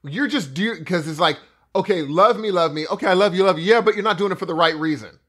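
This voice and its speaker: A man's voice: sits high, sharp tone. A man co-hosting a podcast, chatting casually and enthusiastically about an episode. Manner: enthusiastic, quick agreement. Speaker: podcast co-host. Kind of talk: casual recap chat.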